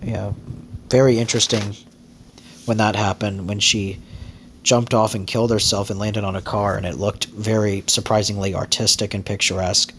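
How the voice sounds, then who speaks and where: Male host and reader, low voice, halting casual asides, faint background hiss. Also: little pitch movement, fairly bright tone. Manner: musing, halting with fillers. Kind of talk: reading then casual commentary.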